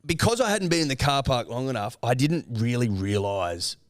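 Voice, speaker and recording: A young Australian man co-hosting a podcast, spinning a long sweary story with plenty of quoted voices. His pitch sits in the middle and the sound is dry and close. He talks casually and lets the story tumble out. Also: expressive, normal speed, no echo. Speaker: podcast co-host.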